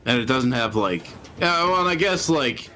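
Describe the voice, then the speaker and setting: A man's voice: medium pitch, animated, normal speed, pushed and bright, slight background noise. A man co-hosting a podcast in casual chat, rambling with frequent restarts and chuckles. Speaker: podcast co-host.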